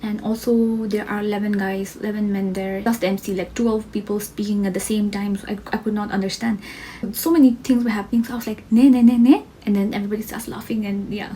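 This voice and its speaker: Young woman vlogger, Himalayan origin, lively self-mocking storyteller, mellow tone. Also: medium pitch, fast, slight background noise, low-quality recording. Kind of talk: casual storytelling vlog.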